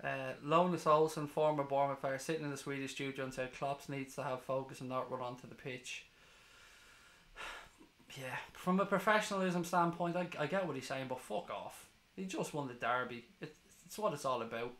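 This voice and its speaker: A man's voice: medium pitch, normal speed, fairly bright tone, roomy sound. Ecstatic sweary male football streamer. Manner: ecstatic, sweary, reading chat aloud. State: hoarse from screaming. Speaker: fan watchalong streamer. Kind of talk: live football watchalong chat.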